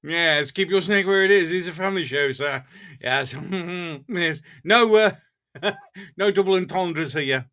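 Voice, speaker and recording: Bright-voiced Black Country man, chatty. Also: high voice, measured pace. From English Black Country. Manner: jokey and chatty, laughs often. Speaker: livestream host. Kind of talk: casual live chat reading comments.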